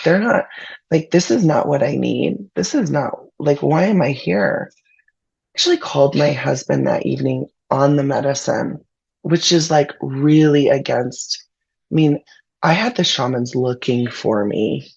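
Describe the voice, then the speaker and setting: A woman's voice: low voice, measured pace, creaky, darkish tone, slightly rough, muffled recording. A woman guest on a podcast, candidly and emotionally retelling a personal ordeal in casual speech. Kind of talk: personal storytelling in conversation.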